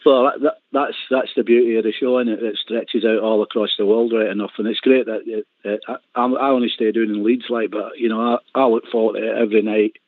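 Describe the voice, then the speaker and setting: A man's voice: on the low side, steady tone, a little fast, few pauses, no echo. A man co-hosting a football phone-in, talking hesitantly with many restarts. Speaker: co-host. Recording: dry tinny phone line.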